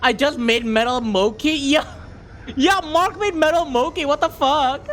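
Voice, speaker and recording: A young adult streamer chatting casually with viewers, excitable, laughing often and stumbling over repeated words when flustered. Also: high-pitched, unhurried, a little hiss or hum. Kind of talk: casual live-stream chat.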